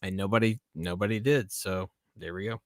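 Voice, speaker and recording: A man's voice: low-pitched, fairly even intonation, a little fast, dry recording, studio quality. A man hosting a casual live stream, chatty, laughing often and swearing freely.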